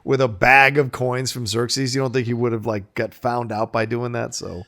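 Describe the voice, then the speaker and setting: A man's voice: medium pitch, level tone, fairly bright tone. A man co-hosting a movie podcast, enthusiastic and laughing in casual chat. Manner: enthusiastic, laughing, quick agreements. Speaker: podcast co-host.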